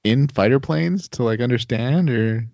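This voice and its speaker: A man co-hosting a podcast in casual chat, talking in a relaxed, hesitant way. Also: mid-range voice, normal speed, creaky, no echo, dull audio. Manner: relaxed and hesitant, with laughs and fillers. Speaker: podcast co-host.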